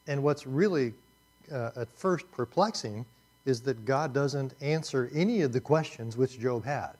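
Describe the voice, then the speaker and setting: A man's voice: medium pitch, unhurried, darkish tone. A man teaching a class, talking in a conversational and emphatic way, often repeating himself. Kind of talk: classroom lecture.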